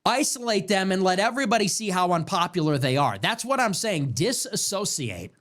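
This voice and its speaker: Late at night on his livestream, a show host works himself into a heated, animated rant, restarting and repeating lines. He talks briskly in a high voice.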